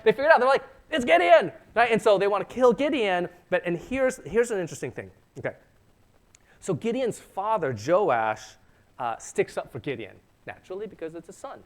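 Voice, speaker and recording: A male pastor giving a casual, animated sermon, talking conversationally and acting out the voices of biblical figures. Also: fairly high pitch. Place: church sanctuary.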